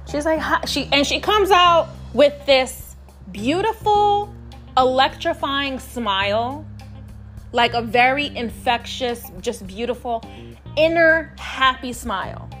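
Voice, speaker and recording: A woman's voice: high voice, expressive, slow, fairly bright tone, faint music behind. A woman from New York City telling a personal story on her podcast, candid and profane, talking straight to her listeners. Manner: candid, profane, emphatic, addresses listeners as y'all. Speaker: podcast host. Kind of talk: casual storytelling monologue.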